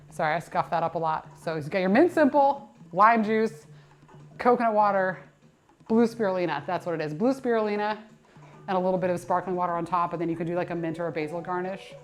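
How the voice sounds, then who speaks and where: Chatty tired woman streaming from the gym. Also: fairly low pitch. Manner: chatty, rambling, lots of fillers and self-corrections. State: tired, a little out of breath between sets. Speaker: personal trainer and nutrition coach. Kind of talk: casual livestream chat while working out.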